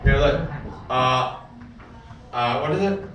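A man teaching English literature to a class, repeating key words slowly and patiently for the learners. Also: high-pitched, lively intonation, a bit bright, slight background noise. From United States. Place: school classroom full of students. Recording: echoey classroom, far from the mic.

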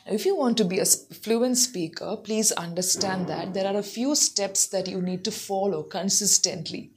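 A woman's voice: mid-range voice, moderate pace, noisy background. A woman English tutor giving an earnest, instructive talk that answers viewers' common questions. She often checks in with the listener by asking "okay?".

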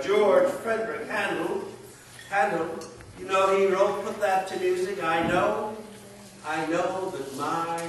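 A man preaching an Easter sermon, telling stories with dramatic pauses. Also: high-pitched, fairly bright tone, far from the mic, a little hiss or hum. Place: church. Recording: echoey church from afar.

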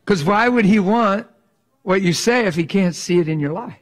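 A man preaching with fiery passion, his voice sitting high for a man. He talks with lively animation, slipping into mock voices to make a point. He sounds middle-aged. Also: normal speed. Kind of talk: sermon.

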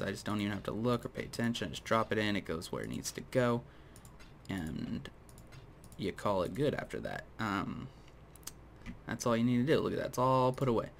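A man with a low voice gives casual gameplay commentary and wanders into opinionated tangents aimed at his viewers. His throat sounds dry and needs frequent clearing. A faint hiss sits under the recording. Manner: rambling, opinionated tangents, addresses viewers directly. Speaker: gaming video host.

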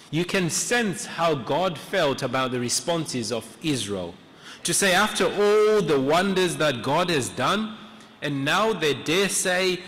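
A man preaching a sermon in a church, retelling a story in an earnest, reflective way with pauses. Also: fairly high pitch, sing-song, a bit bright. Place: church sanctuary. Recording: echoey church hall.

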